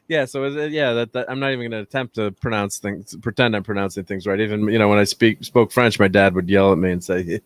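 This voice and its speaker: A man's voice: fairly low pitch, fairly quick, smooth, no echo. A man hosting a casual movie review chat, rambling and laughing often. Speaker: host.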